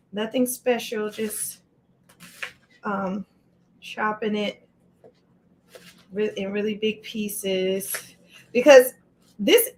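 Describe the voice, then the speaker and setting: A woman hosting a casual live cooking stream from her home kitchen, chatting to viewers by name while she chops. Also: on the high side. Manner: chatty, greets viewers by name mid-task. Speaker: livestream cooking host.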